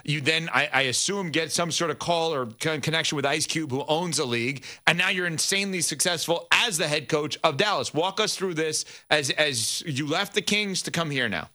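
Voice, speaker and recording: Brisk bright-voiced male sports host. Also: fairly high pitch. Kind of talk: broadcast interview.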